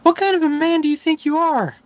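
Guy doing a squeaky jokey girl voice, way up high. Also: fast, muffled recording. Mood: teasing. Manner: jokey, mock-feminine. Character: a woman, in a high falsetto.

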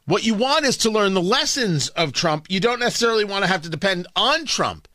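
Man, talk radio host, sarcastic, opinionated monologue, lively swinging delivery, bright sharp tone. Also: high-pitched, fairly quick, dry recording, clean studio sound. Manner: brash, sarcastic, rhetorical questions.

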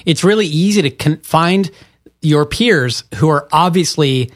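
A man co-hosting a podcast, chatting in a relaxed, agreeable way. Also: fairly high pitch, a little slow. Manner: relaxed, agreeable, brief backchannels. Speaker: podcast co-host. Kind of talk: casual podcast chat.

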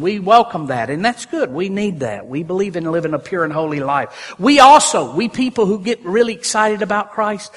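A man preaching a sermon from a church sanctuary, animated and rising to loud exclamations. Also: high voice, long reverb tail. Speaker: pastor.

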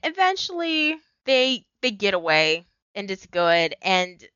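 A woman in her thirties chats through a film review with a bright, forceful edge to her voice. She retells scenes emphatically and laughs often. The sound is dry and a little dull, like lo-fi podcast audio. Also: medium pitch, big pitch swings, takes it slowly, clear, resonant tone, no room sound. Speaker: podcast co-host. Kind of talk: casual film review chat.

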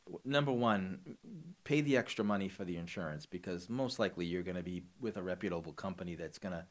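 A man co-hosting a casual movie chat, talking in halting bursts with many restarts and a wry edge. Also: low voice. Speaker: podcast co-host.

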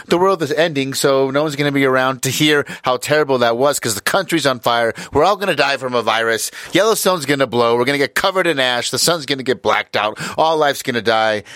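A man's voice: medium pitch, a bit bright, no room sound, clean studio sound. A man hosting a podcast in a joking, irreverent, rambling way. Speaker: podcast host. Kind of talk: casual chat.

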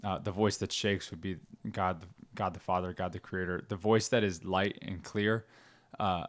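A man's voice: sits low, fairly even intonation, normal speed. A man in casual conversation, reflecting on faith and paraphrasing passages from a book. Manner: reflective, reads quotes aloud.

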